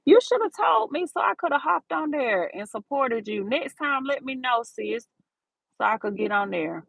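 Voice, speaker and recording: A woman's voice: sits high, big pitch swings, moderate pace, vocal fry, fairly bright tone, slightly rough, no echo, low-quality recording. A woman, talking straight to her viewers in a casual livestream, calling them baby and y'all. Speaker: livestream host.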